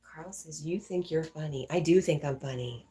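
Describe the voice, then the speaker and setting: A middle-aged woman hosting a livestream from home on a laptop mic. She chats casually, reads viewer comments aloud and laughs often, clearly amused by herself. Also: sits low, normal speed, warm tone, low-quality recording. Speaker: livestream host.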